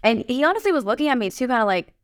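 A woman's voice: fairly high pitch, rapid-fire, no room sound, studio quality. Chatty young woman podcast host. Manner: animated storytelling with many "like"s and quoted asides. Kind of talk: casual conversation.

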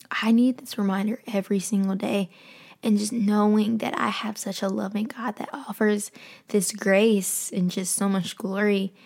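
A woman hosting a faith podcast, giving a heartfelt devotional talk and praying aloud in a soft, fervent voice that sinks to a near-whisper. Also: medium pitch, creaky. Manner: fervent, heartfelt, with casual fillers; drops to a hushed near-whisper in prayer.

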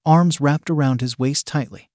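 A man narrating a story in a steady, even reading voice. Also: a little high, moderate pace, dry recording, studio quality. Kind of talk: scripted narration.

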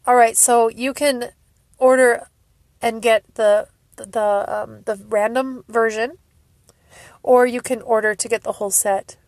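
Woman, solo podcast host, tearful and gushing, slow unhurried pace, dry close sound. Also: a little high, steady tone, no room sound. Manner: emotional, laughing and tearful, gushing. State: crying. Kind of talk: casual solo fan podcast.

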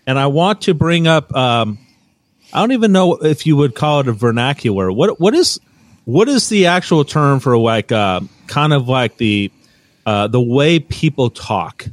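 A man's voice: mid-range voice, sing-song, measured pace, no echo. A man in his fifties co-hosting a podcast in casual chat, rambling and hunting for words with plenty of fillers. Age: 50s. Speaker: podcast co-host.

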